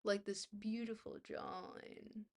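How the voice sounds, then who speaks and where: A woman's voice: mid-range voice, flat delivery. Woman streamer reading a book aloud. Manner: reads aloud haltingly, tripping over long words, chatty asides to viewers. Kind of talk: livestream book reading with chat asides.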